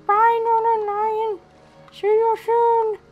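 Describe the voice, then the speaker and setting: A woman voicing a cheerful little squid in a squeaky, sing-song voice. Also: monotone, takes it slowly, narrow, tinny audio, faint music behind.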